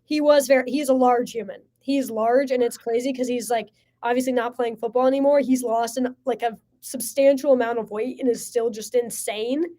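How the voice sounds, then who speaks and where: A woman in her twenties, a sports media guest, telling stories in casual podcast chat with lots of "like" and excited bursts. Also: on the high side, normal speed, hardly any pauses. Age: 20s. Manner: excited, heavy use of "like", lively storytelling.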